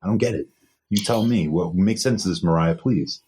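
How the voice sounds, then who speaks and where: A man's voice: sits low, normal speed, a little mellow, slightly rough. A young man co-hosting a podcast in casual news chat, earnest and repeating himself for emphasis. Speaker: podcast co-host.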